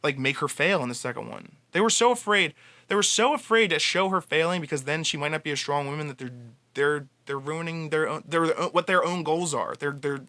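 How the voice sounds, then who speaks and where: Guy ranting casually to fans, kinda high bright voice, keeps restarting sentences. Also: a little fast, no room sound. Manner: passionate, rambling with restarts. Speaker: fan commentator. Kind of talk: casual monologue.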